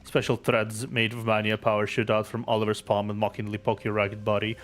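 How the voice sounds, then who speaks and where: A man streaming a game, reading its story aloud in steady narration with offhand asides. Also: lowish voice, brisk.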